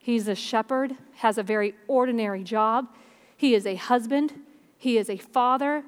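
A woman delivers a sermon to her congregation in a smooth, resonant voice. She preaches in an earnest, conversational way, as though talking with friends in the pews. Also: a little high, normal speed. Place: church service.

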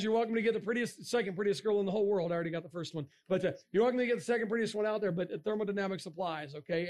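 A man giving a jokey, animated talk to an audience, breaking into sudden shouts. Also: high-pitched. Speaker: speaker. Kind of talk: comic science-and-faith talk to a crowd.

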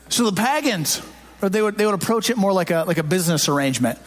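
A man's voice: sits high, expressive, fast talker, a little hiss or hum. A man preaching a sermon to a congregation in a church, talking in a conversational way and joking with the crowd, on a handheld microphone. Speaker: pastor. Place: church sanctuary before a congregation.

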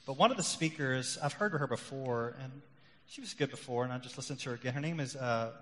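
A middle-aged male pastor preaching a sermon, rising loud and emphatic on key points, then dropping quiet and confessional. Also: mid-range voice, fairly quick, slight background noise. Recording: long hall reverb.

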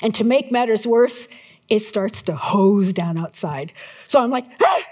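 A middle-aged woman preaching a sermon to her church, telling a personal story with lively, acted-out moments. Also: mid-range voice, unhurried. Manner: animated storyteller, acts out her own panic in shouts. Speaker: pastor.

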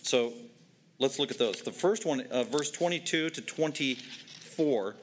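A man's voice: mid-range voice, expressive, a little slow, slight background noise. A man preaching a sermon, emphatic and repetitive, driving home short commands. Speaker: pastor.

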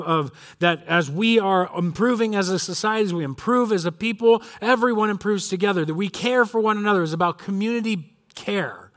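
A man's voice: sits high, fairly bright tone. A male pastor preaching a sermon in an earnest, emphatic way, drawing out key phrases.

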